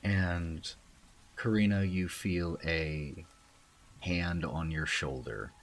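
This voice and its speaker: Very deep-voiced man narrating a game. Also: slight background noise. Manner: slow, calm, descriptive narration. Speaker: game master.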